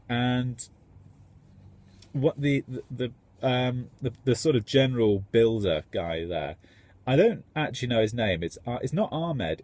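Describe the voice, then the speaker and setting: A man's voice: fairly low pitch, darkish tone. A man, a tradesman, rambling enthusiastically in a casual vlog. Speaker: tradesman contractor.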